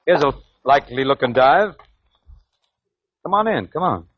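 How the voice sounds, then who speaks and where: A man's voice: medium pitch, lively intonation, moderate pace, husky, muffled recording. A man playing a breezy, scheming con man in a 1940s radio comedy. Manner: brash, breezy, wisecracking. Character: fast-talking scheming young male con man. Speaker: narrator and lead.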